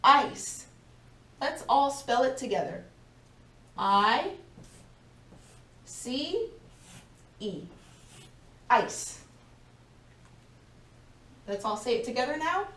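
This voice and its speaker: A woman leads a vocabulary lesson for young learners in a slow, clear and encouraging classroom voice that sits a little high. She is heard from some distance in an echoey room. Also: expressive, sharp tone. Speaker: teacher.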